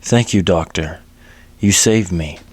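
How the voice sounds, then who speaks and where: A man's voice: sits low, slow pace, a little mellow, husky, no room sound, full character voice. A man voicing a young woman in a western story, raising his voice to play her with a pleading tone. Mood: anxious. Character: young woman, frightened, then grateful.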